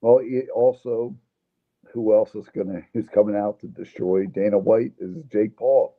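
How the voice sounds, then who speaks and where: A male guest on a tinny phone line, his voice sitting low. He gives blunt, opinionated takes in a casual back-and-forth. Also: steady tone, unhurried. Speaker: guest, fight promoter. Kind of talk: casual interview chat.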